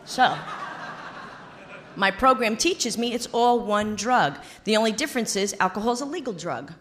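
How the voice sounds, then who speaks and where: A woman's voice: fairly high pitch, animated, moderate pace, a bit bright, a little hiss or hum. An older woman telling her recovery story at a meeting, blunt and profane, joking as she goes. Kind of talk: personal testimony to a meeting.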